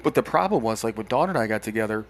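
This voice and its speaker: A man's voice: fairly low pitch, animated, quick pace. A middle-aged man co-hosting a podcast, talking openly and reflectively, often restarting his sentences. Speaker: podcast co-host. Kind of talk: casual candid podcast talk.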